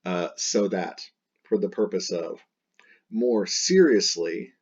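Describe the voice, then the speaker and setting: A man's voice: deep voice, takes it slowly, husky, highs cut off. A man teaching a Latin text in a chatty, playful way, repeating and rephrasing as he explains.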